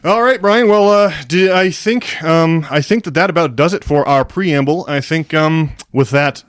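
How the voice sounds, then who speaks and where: A man around forty co-hosting a podcast. He rambles and restarts when chatting, then reads an essay aloud slowly and with emphasis. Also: a little high, smooth, no echo, studio quality. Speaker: podcast co-host. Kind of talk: casual podcast chat and essay reading aloud.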